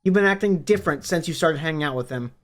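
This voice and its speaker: A man's voice: on the high side, expressive, fast, fairly bright tone. A man reading the lines of a worried, stern but loving mother as he retells a book. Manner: firm, pleading.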